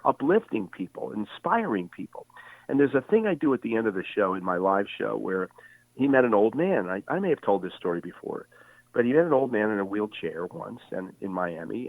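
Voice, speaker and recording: A man in his sixties, a veteran sports broadcaster, telling animated stories as a guest in an interview. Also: fairly low pitch, dry recording. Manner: animated storyteller with many voices. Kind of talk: storytelling interview. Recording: tinny phone line.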